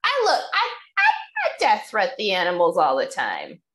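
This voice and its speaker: At medium pitch and normal speed, this podcast co-host, a young woman, tells stories in an animated, casual chat, laughing and cursing along the way.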